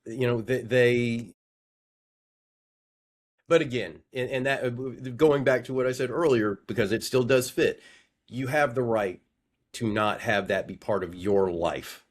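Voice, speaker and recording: A man's voice: mid-range voice, a little slow. A man on a podcast giving wry, reflective comments in casual conversation. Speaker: podcast co-host.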